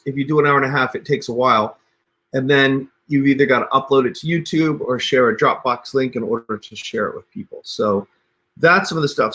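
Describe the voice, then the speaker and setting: Medium in pitch with a fairly bright tone, the host chats through a casual livestream tutorial on a computer mic. He explains the on-screen steps and addresses viewers as "you guys."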